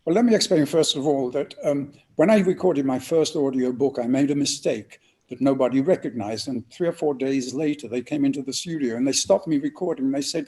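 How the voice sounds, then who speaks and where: An older man, an actor and narrator, telling lively anecdotes and acting out voices in an interview. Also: medium pitch, fairly quick, hardly any pauses. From England. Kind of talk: storytelling interview guest.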